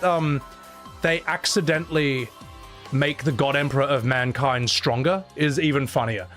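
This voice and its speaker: A young man casually chatting to his live-stream audience, animated, often laughing and swearing. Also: on the high side. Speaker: streamer and host.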